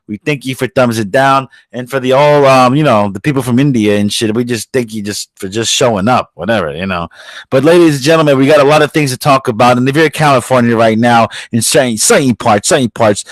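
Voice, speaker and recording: A man's voice: medium pitch, no room sound, rough recording. A man hosting a podcast, ranting aggressively with heavy swearing and mocking the people he talks about. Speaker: podcast host. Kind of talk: profane ranting commentary.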